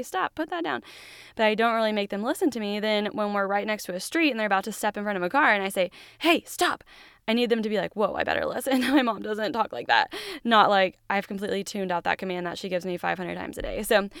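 A woman in her thirties hosting a solo parenting podcast, talking in an earnest, gentle, reassuring way and acting out quick lines she says to her kids. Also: medium pitch, smooth, no room sound, clean studio sound. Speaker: podcast host.

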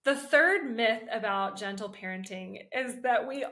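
A woman's voice: fairly high pitch, unhurried, fairly bright tone. A woman hosting a parenting podcast, talking in a casual, conversational way and explaining her points through everyday examples.

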